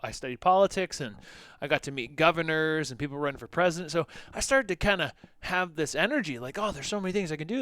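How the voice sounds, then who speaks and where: Bright, crisp-voiced man telling a story. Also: a little high, dry recording. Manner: loose and conversational, with frequent "like" and "you know". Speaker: podcast co-host. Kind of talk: casual personal storytelling.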